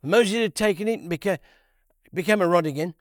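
A man giving a conversational Bible teaching, unhurried, repeating key phrases and asking rhetorical questions. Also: high-pitched, no room sound, clean studio sound.

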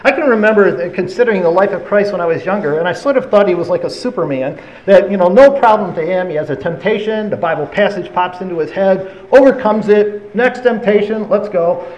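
A man preaching a sermon, retelling Bible stories in an animated, conversational way. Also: high voice, a little fast, hardly any pauses, rough recording.

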